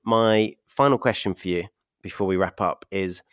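A man's voice: deep voice, moderate pace, a bit bright, clean tone, dry recording, clean studio sound. A man hosting a podcast interview, upbeat, laughing often and walking through figures step by step. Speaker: podcast host and property investment mentor.

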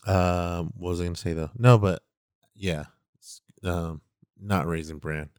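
A man's voice: low voice, unhurried, a little mellow, clean tone, no room sound, clean studio sound. A man co-hosting a casual chat, rambling through slangy stories full of "like". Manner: rambling, slangy storytelling with lots of "like". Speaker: podcast co-host.

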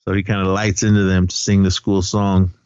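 A man co-hosting a podcast walks through a film scene by scene in loose, rambling chat, often slipping into quoted lines. His voice sits fairly low. The recording is dry and slightly dull. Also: level tone, brisk, a little mellow, smooth, no echo. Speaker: podcast co-host. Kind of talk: casual movie recap chat.

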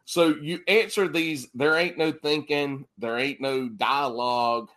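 A man hosting a podcast, bantering crudely and laughing loudly with his guests. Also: on the high side, fairly even intonation, unhurried. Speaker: podcast host. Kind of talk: casual chat.

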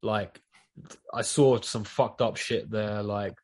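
A man's voice: lowish voice, steady tone, slow. A man with a South East London accent, chatting loosely on a podcast and swearing a lot as he rambles. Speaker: podcast guest. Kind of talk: casual chat.

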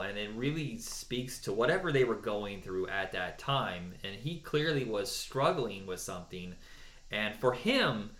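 A man talking casually as a podcast co-host, opinionated and animated, counting down favorite songs and sometimes mocking people in a put-on voice. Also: lowish voice. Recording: echoey room.

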